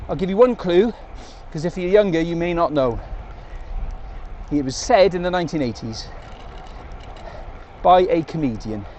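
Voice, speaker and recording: An Englishman talks casually to a bike-mounted camera as he rides country lanes, rambling and cracking jokes along the way. His voice sits a little high for a man. Faint road and traffic noise runs under the outdoor recording. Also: expressive, normal speed, pauses often, darkish tone, lo-fi sound. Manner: chatty and rambling, jokey asides. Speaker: cycling vlogger. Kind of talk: casual talk to camera while riding.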